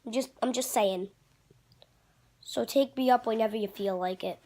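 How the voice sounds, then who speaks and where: A man's voice: high-pitched, normal speed, a little mellow, pitched below the performer's own voice. A man voicing a self-pitying puppet father in a homemade puppet comedy, complaining in a whiny way.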